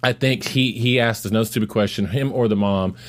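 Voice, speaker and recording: A middle-aged man in casual chat, telling a story in a rambling, animated way full of fillers and restarts. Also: fairly low pitch, fairly quick. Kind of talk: casual chat reviewing a show.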